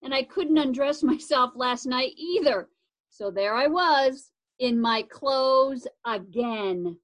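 A woman with a high, light voice reads a children's chapter book aloud. She takes her time, unhurried and expressive. The telling has the easy pace of a bedtime story. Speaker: reader.

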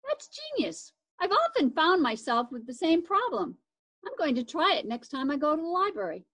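A woman's voice: high voice, big pitch swings, fairly quick, fairly bright tone, pitched above the performer's own voice. A woman reading aloud, voicing a polite, somewhat formal young neighbor boy in a storybook. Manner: courteous and a little formal. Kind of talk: reading a children's chapter book aloud.

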